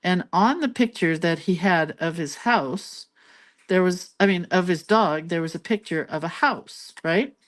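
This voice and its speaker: A woman's voice: on the low side, a little slow. A woman hosting a craft channel, telling a rambling story in casual chat and laughing between lines. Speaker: lettering and doodling channel host.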